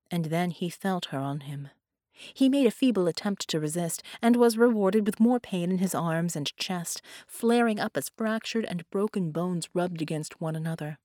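A woman narrating dark fiction in a measured, grave storytelling manner. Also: on the low side, no room sound, studio quality. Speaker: audiobook narrator.

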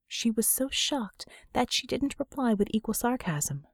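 A woman's voice: a little high, big pitch swings, a little slow, few pauses, no room sound. Woman narrating an audiobook, dry and close. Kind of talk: scripted narration.

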